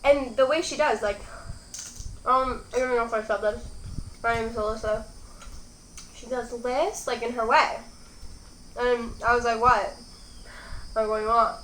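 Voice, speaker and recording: A young woman with a fairly high voice rambles casually through a mukbang, chatting between bites. She is recorded in an echoey room at home. Faint crickets sound in the background. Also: steady tone, moderate pace, long pauses, fairly bright tone, slight background noise. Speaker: mukbang host. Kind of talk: casual chat while eating.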